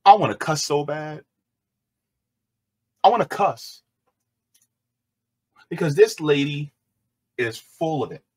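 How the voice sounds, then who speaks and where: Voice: mid-range voice, animated, takes it slowly, pauses often, breathy edge, rough recording. A commentary vlogger reacting to a clip in a sarcastic, exclamatory way.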